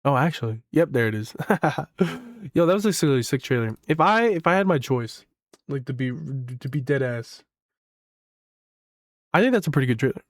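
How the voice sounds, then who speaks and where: A young man giving casual reaction commentary as a gaming YouTuber, excitable and rambling, swearing and saying "like" a lot. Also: on the high side, dry recording, clean studio sound.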